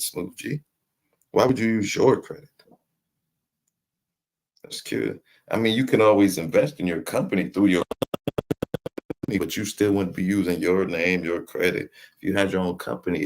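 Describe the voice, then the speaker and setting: Gravelly-voiced man hosting a live stream. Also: sits low, normal speed, pauses often. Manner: laughing, teasing, loose slang. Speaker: livestream host reading chat. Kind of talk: casual live stream chat.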